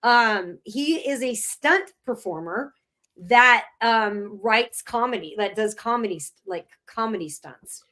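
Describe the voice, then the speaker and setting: Bubbly lady host on a live stream, bright tense voice, kinda high. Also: expressive, slow pace. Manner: bubbly, laughing, rambling. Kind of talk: casual live-show chat.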